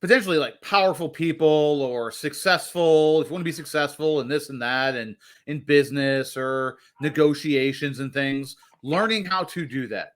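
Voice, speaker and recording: A man's voice: fairly high pitch, moderate pace, few pauses, fairly bright tone. A man co-hosting a casual movie podcast, talking in a rambling, jokey way. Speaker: podcast co-host.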